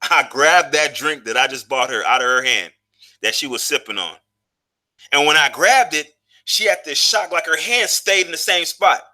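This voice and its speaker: A man's voice: on the high side, expressive, normal speed, bright, forceful tone. A man in his thirties telling a personal story in a loose, profane, casual monologue, full of fillers and restarts. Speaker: vlogger.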